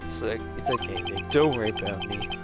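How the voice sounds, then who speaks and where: Whiny, drawling slacker dude, a man voicing him, over the top, loud game music. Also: on the low side, a little fast, close to an everyday voice. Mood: excited. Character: goofy, dramatic young man, a lovesick slacker.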